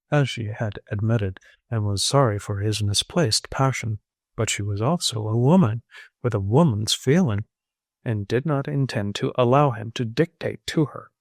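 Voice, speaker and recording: A man's voice: mid-range voice, no echo. Dry-voiced male audiobook narrator. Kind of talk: scripted narration.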